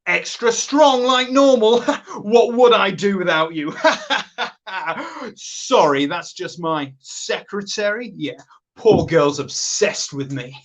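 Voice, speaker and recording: A smug, sleazy office boss, played by a woman, brags and flirts down the phone in a comic monologue. The voice swoops lively up and down and takes its time. He speaks with an unhurried, self-satisfied drawl. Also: medium pitch. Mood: boastful. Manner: boastful and flirtatious. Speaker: sketch performer.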